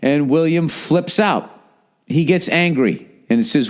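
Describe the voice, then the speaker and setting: A middle-aged man from Boston hosting a podcast, ranting casually and profanely, swinging between loud gripes and low muttering. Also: unhurried. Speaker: podcast host. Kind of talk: casual comedic podcast rant.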